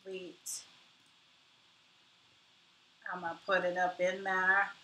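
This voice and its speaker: A woman's voice: lowish voice, completely flat delivery, normal speed, sharp tone. A woman hosting her own live stream in casual chat, self-deprecating and muttering asides to herself. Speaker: YouTube host. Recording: roomy echo, mic at a distance.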